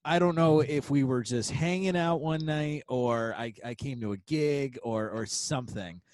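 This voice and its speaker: A man hosting a casual podcast chat over a remote call, animated, laughing often and using many fillers. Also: mid-range voice, moderate pace, dry recording. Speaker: podcast host.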